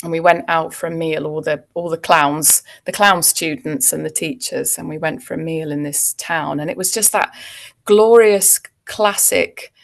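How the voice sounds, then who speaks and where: A woman's voice: low voice, steady tone, moderate pace, gravelly. A woman, an actor chatting as a guest and telling anecdotes with frequent ums and laughs. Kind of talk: casual interview chat.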